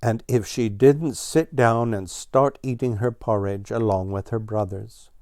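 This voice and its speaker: A man reading a children's story aloud in a slow, even storytelling manner. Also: on the low side, no room sound, studio quality. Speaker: storybook reader.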